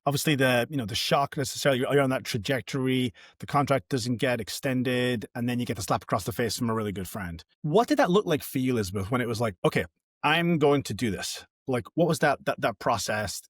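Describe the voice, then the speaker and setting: Man, podcast host, mid pitch, halting questions, dry close mic. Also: animated, dry recording. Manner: halting questions with many restarts. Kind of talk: casual interview.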